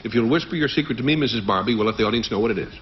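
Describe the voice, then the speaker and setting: Male game show host, genial and animated; lo-fi old broadcast sound with heavy hiss. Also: mid-range voice, very fast. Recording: lo-fi 1970s TV broadcast with loud studio audience and hiss.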